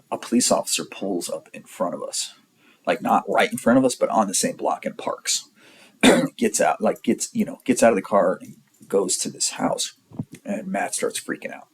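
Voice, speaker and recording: A man's voice: fairly low pitch, very animated, moderate pace, creaky, long pauses, breathy edge, poor audio. A man in his forties from the San Diego area, telling a rambling, profane story in a blunt, casual way. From San Diego area, California. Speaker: storyteller vlogger.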